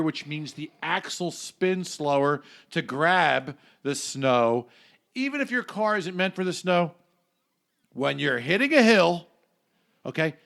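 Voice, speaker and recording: A man's voice: fairly high pitch, gravelly, a bit bright. A man co-hosting a podcast in casual chat, talking in a brash, emphatic, jokey way. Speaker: podcast co-host.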